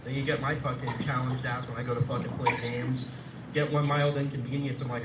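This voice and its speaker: A man's voice: mid-range voice, steady tone, brisk. A young comedian rambles through a profane stand-up set and loses his thread now and then. He is recorded from a distance in an echoey room. A lot of noise sits under his voice. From Florida. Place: live comedy venue.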